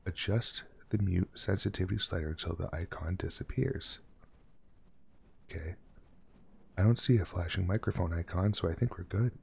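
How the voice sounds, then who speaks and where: Male streamer, deep gravelly voice, jokey game commentary, reads text aloud, faint background hiss. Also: moderate pace, long pauses, a little mellow. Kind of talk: casual gameplay commentary.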